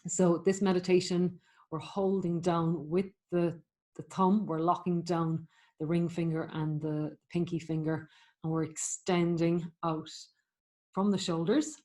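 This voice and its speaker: Woman meditation teacher, flat even delivery, warm encouraging chat with lots of fillers. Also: on the low side, unhurried. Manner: gentle, encouraging, chatty with many fillers. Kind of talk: spoken meditation instruction.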